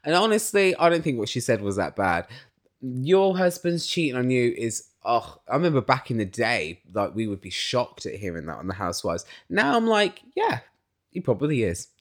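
A man's voice: mid-range voice, expressive, moderate pace. A young man hosting a podcast, chatting casually and bluntly, often acting out quotes in his recap. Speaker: podcast host. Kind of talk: casual opinionated recap chat.

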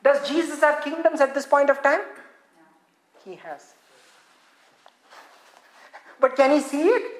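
A woman preaching with a high, bright voice that climbs when she gets excited and drops low when she goes quiet. She fires rhetorical questions at the congregation. The room adds a roomy echo. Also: slow pace, pauses often. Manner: animated, rhetorical questions, swings from loud to hushed. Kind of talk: sermon.

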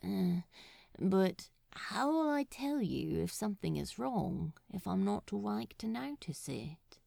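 A woman reading a story aloud and voicing a weary, self-mocking male demon in a soft, half-whispered voice. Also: mid-range voice, big pitch swings, slow, vocal fry, no room sound, studio quality, heavily acted. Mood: drowsy, hesitant.

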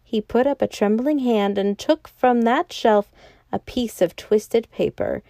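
A woman podcast storyteller reading a classic novel aloud in a calm, even voice. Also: a little high, a little slow, no room sound. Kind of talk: scripted narration of a classic novel.

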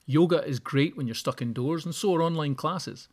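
A man's voice: on the high side, normal speed. A man hosting a solo podcast, giving practical tips with wry, joking asides. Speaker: podcast host. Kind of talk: solo podcast advice talk.

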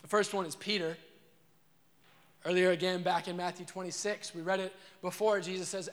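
Earnest high-voiced man preaching in a hall. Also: steady tone, normal speed. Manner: earnest, repetitive preaching with rhetorical questions to the crowd. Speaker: pastor. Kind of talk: sermon.

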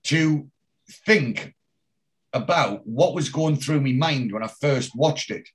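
A man's voice: mid-range voice, animated, takes it slowly. A man from England chatting casually as a podcast host, retelling scenes from a TV episode and quoting the characters' lines. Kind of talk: casual chat recapping a TV episode.

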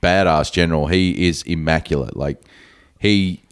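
A man's voice: deep voice, normal speed, clear, resonant tone. A man hosting a podcast, casually retelling movie scenes and acting out lines. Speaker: podcast host. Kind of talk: casual movie recap chat.

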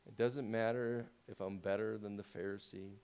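A man preaching a sermon as pastor, talking conversationally and asking the congregation rhetorical questions, growing louder when he presses a point. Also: fairly even intonation, moderate pace, clean tone. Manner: grows louder and higher when making a point.

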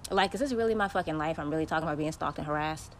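A young woman with a lowish voice vents on her podcast in a blunt, profane, heated rant. She talks casually and tells her stories straight into the mic, with a faint hiss underneath. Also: racing. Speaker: podcast host. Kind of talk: casual ranting monologue.

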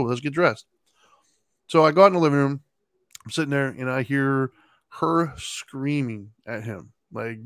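A middle-aged podcast co-host with a mid-range voice tells a story in a casual chat at a moderate pace. He's animated, laughs as he goes and acts out his kids' lines. There is no room sound.

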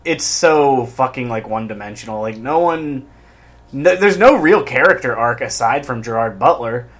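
A man's voice: medium pitch, expressive, moderate pace, fairly bright tone. A man co-hosting a podcast, chatting casually and tossing in dry, sarcastic, profane remarks about a movie. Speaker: podcast co-host. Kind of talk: casual chat.

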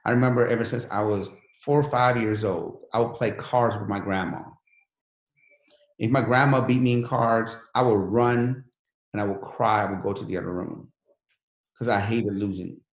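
A man's voice: fairly low pitch, steady tone, moderate pace, roomy sound. A man who came to the country as a refugee, telling his life story in an interview in an earnest, motivational way. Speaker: guest.

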